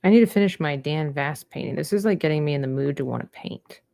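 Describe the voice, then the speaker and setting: A young woman talks as she paints, chatty and rambling, often trailing off. Her voice sits fairly low, and the recording is close and dry with no room sound. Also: fast talker, vocal fry, warm tone, dry recording. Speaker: livestreaming artist. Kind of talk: casual chat while painting.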